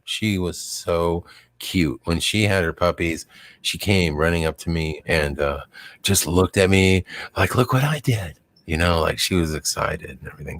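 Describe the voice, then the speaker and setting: With no room sound, a livestream host speaks in an extremely low, slightly bright voice. His casual chat is rambling and full of chuckles, and he quotes dogs using silly voices.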